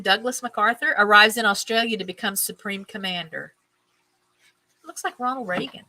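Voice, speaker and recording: A woman's voice: medium pitch, normal speed, bright, forceful tone, slight background noise, poor audio. A woman hosting a casual stream, reading items aloud, tripping over names, and adding chatty musing asides. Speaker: host.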